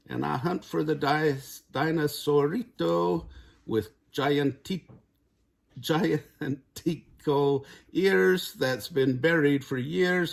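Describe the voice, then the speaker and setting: An older man voicing an excitable young male kitten who thinks he's a Chihuahua, chanting and singing in a put-on Spanish accent. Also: a little high, creaky, voice pushed up, exaggerated voice. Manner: sing-song, gleeful, chanting.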